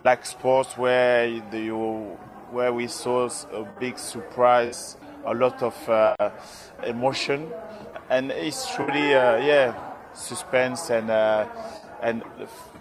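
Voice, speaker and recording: Man, French accent, hoarse voice, halting speech full of fillers, loud crowd in the background. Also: medium pitch, fairly even intonation. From France. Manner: halting, many fillers and restarts. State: hoarse, lost his voice. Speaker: interviewee, former rugby player. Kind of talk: live interview. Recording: loud crowd behind, outdoor event.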